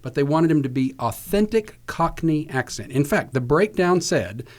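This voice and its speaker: A man's voice: on the high side, moderate pace. A man from Virginia, a podcast host and voice actor, telling anecdotes in casual chat and acting out the quotes he tells. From Virginia, US South. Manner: animated anecdote teller, acts out quotes.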